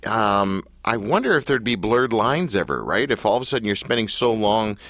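A man's voice: on the low side, lively intonation, moderate pace, a bit bright, no room sound. A man hosting an interview, joking and self-deprecating with rambling questions. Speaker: interview host. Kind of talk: casual interview chat.

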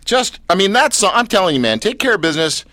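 A man hosting an interview, talking like an excited fan with slangy, enthusiastic chatter. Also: high-pitched, quick pace, dry recording, clean studio sound. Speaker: interview host. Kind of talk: casual interview chat.

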